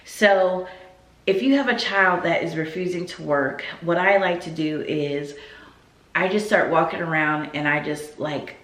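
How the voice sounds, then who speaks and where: A woman who teaches first grade, giving casual classroom advice in a chatty, animated way and acting out what she says to her pupils. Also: fairly low pitch, roomy sound.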